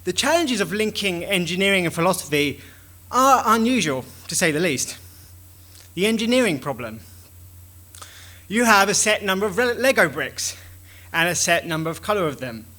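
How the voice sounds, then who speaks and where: A man with a high, bright and forceful voice delivers a conference talk. He speaks with animation and slips into little acted-out exchanges to make his points. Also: moderate pace, pauses often. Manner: animated, acts out dialogues with shifting voices.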